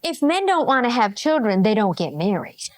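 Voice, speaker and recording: A woman's voice: fairly high pitch, very animated, moderate pace, a little mellow, no echo. A woman commentating on a clip, mocking and laughing, often repeating "okay". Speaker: reaction commentator. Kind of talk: reaction commentary.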